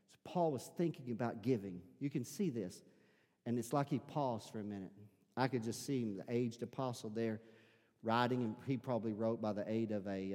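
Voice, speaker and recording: A man with an Arkansas accent and a squeaky voice, a pastor preaching a sermon in a church, swinging between shouted preaching and quiet, intimate talk. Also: long reverb tail. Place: church sanctuary.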